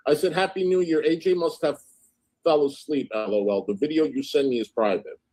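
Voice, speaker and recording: A man's voice: fairly high pitch, a little fast, mellow. A man hosting a livestream, casually recounting and reading out text messages in an indignant tone. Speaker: livestream host.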